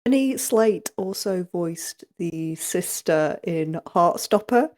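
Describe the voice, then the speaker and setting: A woman's voice: on the low side, lively intonation, slow, darkish tone. A woman co-hosting a film podcast, chatting casually with fillers and loose phrasing. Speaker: podcast co-host. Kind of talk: casual chat.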